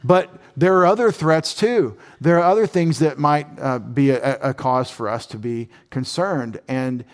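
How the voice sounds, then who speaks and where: A man with a drawl teaches a class in a relaxed, folksy way. He spells out old words slowly, circles back, and repeats himself as he goes. His voice sits at a middle pitch. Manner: explains words slowly, restarts often, folksy. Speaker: Bible teacher. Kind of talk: casual classroom lecture.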